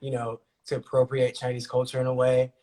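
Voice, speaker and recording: A man's voice: mid-range voice, monotone, fairly quick, warm tone. A man speaking as a podcast guest, talking passionately and repeating his points for emphasis. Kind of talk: casual conversation.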